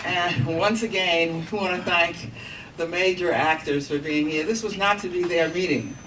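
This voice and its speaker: A woman hosting a community meeting as a congresswoman, giving formal opening remarks into a handheld microphone, halting and pausing with fillers. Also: on the low side, steady tone. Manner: formal, halting delivery with frequent pauses and fillers. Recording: distant mic, noisy meeting room.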